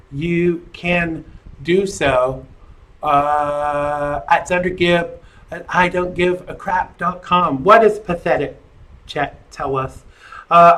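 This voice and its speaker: Livestream host, male, slightly high voice, loose joking delivery, rambles through viewer comments. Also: a bit bright. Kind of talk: casual livestream chat.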